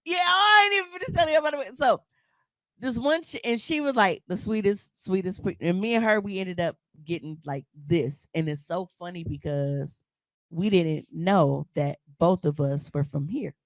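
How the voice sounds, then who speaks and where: A woman's voice: on the low side, measured pace, darkish tone, dry recording. A woman co-hosting a podcast, telling a story in casual chat, blunt and profane, with frequent laughs. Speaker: podcast co-host.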